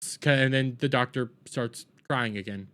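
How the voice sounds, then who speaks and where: A man hosting a TV review, ranting in exasperation and swinging between loud outbursts and low muttering. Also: normal speed, clean tone. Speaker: TV review host.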